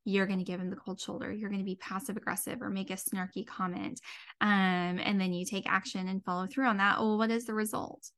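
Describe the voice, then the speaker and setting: A woman's voice: medium pitch, little pitch movement, fairly quick, a bit bright. An earnest woman in her thirties hosts a solo podcast, speaking in a mid-range voice. She talks heartfelt and unscripted, full of fillers like "um" and "you know". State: tearing up, near crying. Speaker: podcast host, dietitian and mindset coach.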